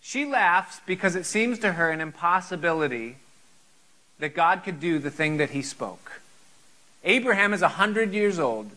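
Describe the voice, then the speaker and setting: A man's voice: high voice, animated, normal speed, pushed and bright, low-quality recording. A man preaching a sermon, earnest and full of rhetorical questions.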